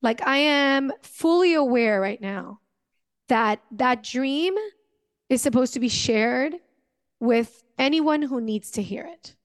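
A woman's voice: high voice, slow pace, in a large hall. A young adult woman hosting a podcast, telling a personal story to her listeners in an earnest, emotional way, with many fillers. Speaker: podcast host.

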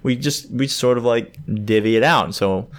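A man's voice: medium pitch, moderate pace. A man in his thirties co-hosting a sports podcast, chatting casually and animatedly, laughing often and acting out quoted dialogue.

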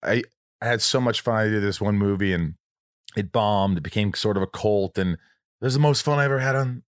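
A man's voice: fairly low pitch, brisk, dry recording, clean studio sound. A man hosting a podcast in casual chat, swearing loosely and reading out listener questions. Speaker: podcast host. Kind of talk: casual interview.

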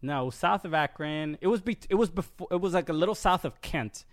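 Man, comedian, rambling halting storytelling, somewhat high voice, dry close recording. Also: expressive, no echo. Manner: rambling, halting, many fillers and restarts. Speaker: stand-up comedian, podcast co-host. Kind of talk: casual chat, storytelling. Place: live-streamed podcast studio.

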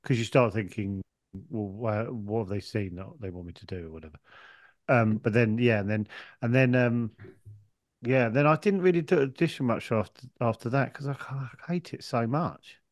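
A man's voice: mid-range voice, normal speed, no echo. A man co-hosting a podcast in casual chat, rambling and jokey, with lots of restarts. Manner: rambling, stop-start, jokey. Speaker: podcast co-host.

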